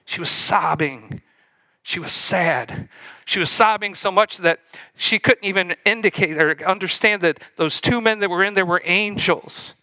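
A man preaching a sermon, retelling a Bible story with lively energy and asking the congregation questions directly. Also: high-pitched, unhurried, no echo. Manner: animated, speaks straight to the congregation.

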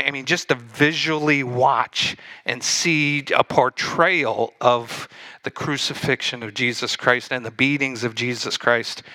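Bright-voiced animated male preacher. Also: mid-range voice, no echo. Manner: animated, speaks straight to the congregation. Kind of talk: sermon storytelling.

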